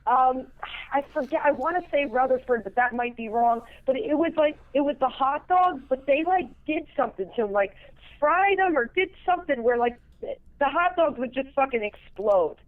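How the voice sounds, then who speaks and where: High-voiced woman on a tinny line. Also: lively intonation, moderate pace. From New Jersey. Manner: casual, swearing, laid-back. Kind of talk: casual podcast chat.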